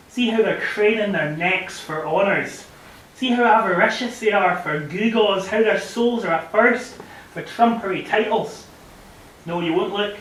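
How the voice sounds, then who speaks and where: A man's voice: on the high side, fairly bright tone. A young man giving a declamatory poetry recitation, echoey and distant. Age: young adult. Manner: declamatory and impassioned. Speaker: guest speaker reciting poetry. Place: club function room. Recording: very echoey room recording, far from the mic, faint hiss.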